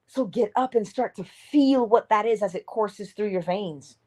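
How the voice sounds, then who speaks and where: A woman's voice: medium pitch, unhurried, darkish tone. A woman giving an inspirational morning talk in an emphatic, preacher-like way, sometimes dropping to a whisper. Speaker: motivational speaker.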